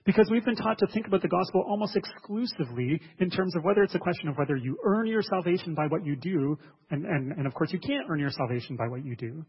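Quick and expressive, this man's husky voice sits high as he delivers a sermon as a pastor. He is earnest, often repeats words and asks the congregation questions, captured in a dull recording with long hall reverb.

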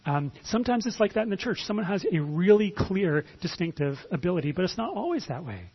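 A man's voice: sits high, very animated, brisk, breathy edge, highs cut off. A pastor giving a conversational sermon, often repeating words as he starts a phrase.

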